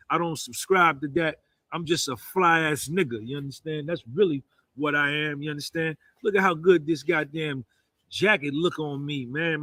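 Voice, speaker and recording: A man's voice: a little high, bright, forceful tone, no room sound. A man, giving a boastful, rambling monologue that keeps circling back on itself. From New Jersey, US. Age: 50s. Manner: rambling, repeats "you understand".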